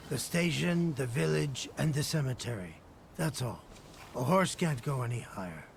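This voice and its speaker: An actor playing a gruff, blunt village coachman in a video game. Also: medium pitch, animated, normal speed, slight background noise. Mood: curt. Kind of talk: game voice acting.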